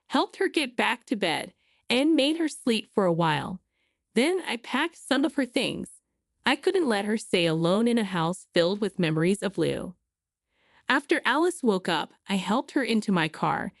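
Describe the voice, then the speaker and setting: A woman narrating a first-person story in an earnest, expressive way. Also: mid-range voice, vocal fry, no echo, clean studio sound.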